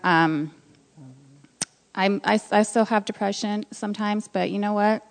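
A woman sharing a personal faith testimony, nervous and emotional, speaking softly with halting restarts. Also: medium pitch, steady tone, creaky.

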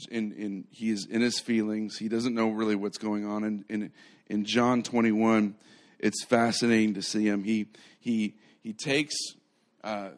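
Man, preacher, live sermon, fairly low voice, conversational, animated storytelling, frequent restarts.

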